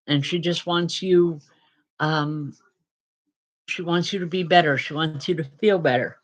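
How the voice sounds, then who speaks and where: On a live stream, a female medium passes along spirit messages to her audience. She talks softly and comfortingly, pausing and using fillers, in a low-pitched voice on a rough recording.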